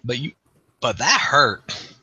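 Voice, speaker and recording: A man's voice: mid-range voice, big pitch swings, takes it slowly, pushed and bright, breathy edge, no echo, muffled recording. A man narrating scenes and rulings as game master of a tabletop role-playing game. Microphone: computer mic.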